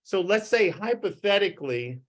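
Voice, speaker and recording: An older man voicing his tactful female office manager as he quotes her, gently leading him toward bad news. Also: high voice, sing-song, normal speed, voice pushed up, full character voice. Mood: gently probing.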